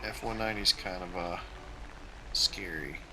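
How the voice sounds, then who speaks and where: A man's voice: sits low, normal speed, background noise. A man hosting his own gaming channel, giving a casual, tactical play-by-play of his flight game as he plays.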